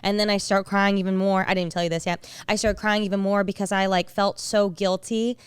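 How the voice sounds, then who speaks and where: A woman's voice: mid-range voice, little pitch movement, fairly quick, clean tone, dry recording. A young woman co-hosting a podcast in casual chat, rambling and restarting with lots of "like". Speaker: podcast co-host.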